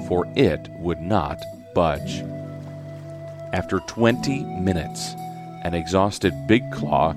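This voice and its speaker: A man reading a children's story aloud in a slow, gentle storyteller's manner. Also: low voice.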